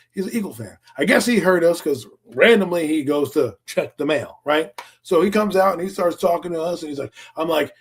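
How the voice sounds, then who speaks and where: A man co-hosting a casual sports talk show, telling profane, animated stories. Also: mid-range voice, husky. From Philadelphia area, US. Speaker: podcast co-host.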